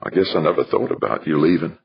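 A man voicing a gruff aging miner, a father who mutters in clipped, grudging phrases. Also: rumbling low, lively intonation, fast, no echo, muffled recording, full character voice.

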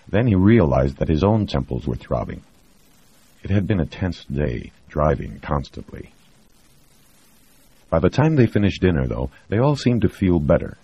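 A man reading a novel aloud in a steady, measured scripted narration. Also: extremely low pitch, husky. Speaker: audiobook narrator. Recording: dry, dull lo-fi recording.

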